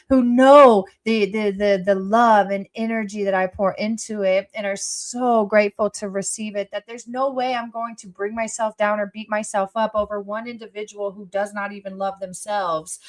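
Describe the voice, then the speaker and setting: Blunt, emphatic woman vlogger. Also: a little high. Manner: emphatic, blunt, swears freely; swings between loud outbursts and soft quiet asides. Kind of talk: casual personal talk to viewers.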